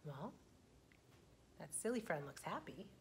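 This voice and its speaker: A young woman running a children's storytime, with a slightly low voice and a patient, encouraging way of talking. She slows down for small children and often slips into a soft whisper. A faint rumble hums behind her. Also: very animated. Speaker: children's librarian.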